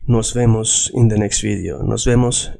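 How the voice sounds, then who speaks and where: A man's voice: fairly low pitch, normal speed, creaky, dark tone. A man teaching a lesson in English, patiently repeating words for learners. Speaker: Spanish teacher. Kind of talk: language lesson.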